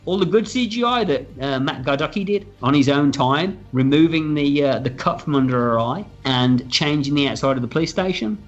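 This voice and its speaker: Male film director, mid-pitched, chatty anecdotal interview, a bit dull-sounding audio with faint music behind. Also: moderate pace, hardly any pauses. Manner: animated, acts out quotes in raised pitch, swears freely. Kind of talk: casual interview storytelling.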